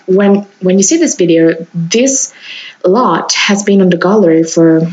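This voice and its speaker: This chatty young woman hosts a Sims building video and has a sore throat. In a low, unhurried, darkish voice she gives casual voice-over commentary, rambling with many fillers and restarts over lo-fi sound.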